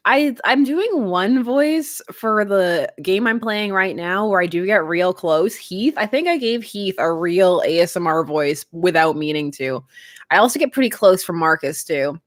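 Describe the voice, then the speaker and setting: A young woman chatting casually with her stream viewers, giggling often and talking in an animated way. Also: lowish voice, unhurried, dry recording, studio quality. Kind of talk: casual live-stream chat.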